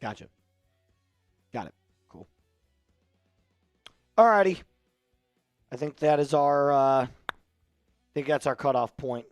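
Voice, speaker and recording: A man's voice: mid-range voice, expressive, slow, long pauses, dry recording, lo-fi sound, soft background music. A man hosting a casual live stream, joking around and reading out viewer messages. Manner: joking, reads out viewer chat. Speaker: livestream host.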